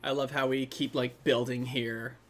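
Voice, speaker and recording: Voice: mid-range voice, level tone, normal speed. A host talking through a film in a casual commentary, rambling and chatty, with many side remarks. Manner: rambling, chatty, trailing off into asides.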